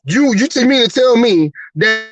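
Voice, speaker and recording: Profane, high-pitched ranting male podcast host. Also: lively intonation, moderate pace, dry recording, dull audio. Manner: profane, rhetorical, repeating "you mean to tell me". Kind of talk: angry atheist rant on a live podcast.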